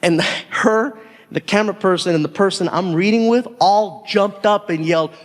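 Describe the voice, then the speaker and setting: A man doing animated stand-up storytelling on a theater stage, acting out the voices of people in his stories. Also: high voice, moderate pace, in a large hall. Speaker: stand-up comedian.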